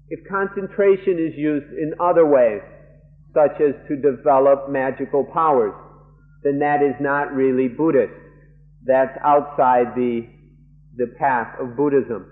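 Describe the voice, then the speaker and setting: A male monk interprets a dharma lecture live at a middling pitch and a very slow pace. He works through each idea in short, deliberate, halting phrases, pausing and restarting often. The audio is a narrow, muffled archival tape.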